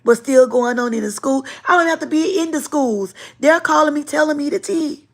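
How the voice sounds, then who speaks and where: Hosting a casual livestream, a woman who is also a teacher tells stories with animated emphasis and plenty of repetition. Her gravelly voice sits high and moves at normal speed.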